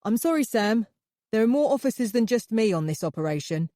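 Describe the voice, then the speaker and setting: A woman's voice: on the high side, animated, fairly quick, warm tone, no room sound, studio quality, pitched above the performer's own voice, close to an everyday voice. A woman doing a cold, detached policeman. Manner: clipped, patronizing, matter-of-fact.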